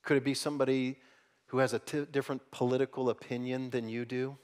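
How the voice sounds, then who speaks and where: A male pastor preaching a Sunday sermon in a church, coaxing the congregation to repeat lines after him, swinging between loud emphasis and hushed tones. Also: medium pitch, little pitch movement, quick pace, clear, resonant tone. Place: church auditorium.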